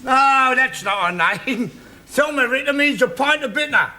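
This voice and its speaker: A man's voice: extremely high pitch, expressive, moderate pace, pushed and bright, heavily acted. An actor playing a blunt male Cockney caretaker who talks in rhyming slang and keeps mishearing. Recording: hissy old TV sitcom recording.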